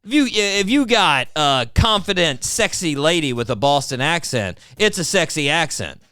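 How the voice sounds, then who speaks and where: A man's voice: on the high side, big pitch swings, normal speed, sharp tone, clean tone, no room sound, faint music behind. A male podcast host, chatting casually in a wry, sarcastic way and often addressing his co-host. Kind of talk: casual chat.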